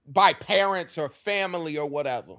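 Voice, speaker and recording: A man co-hosting a casual podcast, telling stories with animated, shouted impressions. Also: on the high side, normal speed. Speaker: podcast co-host.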